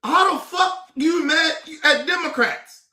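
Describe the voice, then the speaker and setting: Streamer, male, high and bright-voiced, heated rants with shouted bursts, roomy sound. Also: takes it slowly. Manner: profane, exasperated ranting, rising to shouts. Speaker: political commentary streamer. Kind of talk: casual heated commentary.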